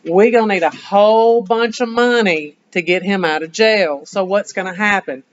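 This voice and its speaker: A woman history teacher giving an animated classroom lecture, firing rhetorical questions at her students, in a dull lo-fi classroom recording. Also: mid-range voice, normal speed.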